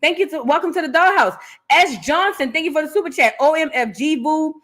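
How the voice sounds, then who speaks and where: A woman with a high-pitched, fairly quick voice hosts a live reaction channel, casually chatting with viewers. She tells animated stories packed with acted-out quotes and calls everyone "girl."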